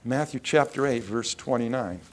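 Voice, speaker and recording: A man preaching a sermon at a mid-range pitch. He swings between quiet asides and forceful, raised lines of scripture. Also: moderate pace. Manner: preaching with rising emphasis and quoted scripture. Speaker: pastor.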